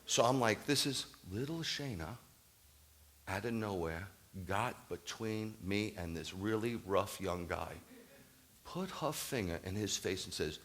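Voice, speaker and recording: Older male rabbi, low deep voice, lively anecdotal sermon delivery. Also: unhurried. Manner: animated storytelling, swings from loud laughing bursts to quiet reflection. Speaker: rabbi preaching.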